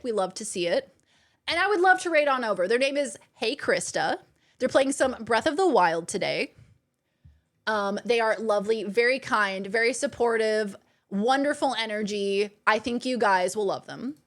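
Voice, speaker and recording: A woman live-streamer talks casually to her viewers, her voice sitting a little high. She thanks them over and over and fills her talk with fillers and repeated words. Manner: warm, thankful and chatty, with many fillers and repeats.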